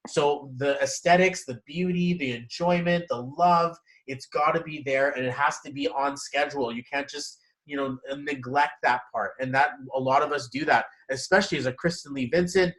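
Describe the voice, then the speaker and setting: A man giving a casual one-on-one numerology reading, animated and quick to laugh. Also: medium pitch, low-quality recording. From Canada. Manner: animated, laughs often, acts out inner voices. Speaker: numerology consultant.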